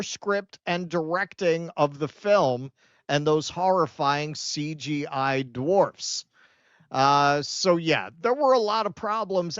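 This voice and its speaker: A man hosts a political commentary podcast, trading sarcastic, profane jabs in animated bursts. The recording is dry and a little dull, as if from a basic home setup. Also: on the high side, dry recording. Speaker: podcast host.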